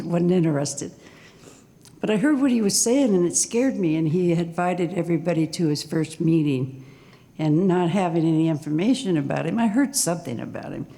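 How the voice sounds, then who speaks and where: A woman in her sixties telling her own story on stage at a live storytelling night, nervous and halting, with small laughs. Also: lowish voice, warm tone, long reverb tail.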